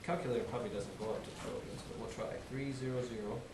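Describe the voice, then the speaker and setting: A male teacher working through a math problem aloud with his class, counting digits slowly and teasing the students. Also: lowish voice, steady tone, creaky. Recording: echoey classroom from far off, loud noise.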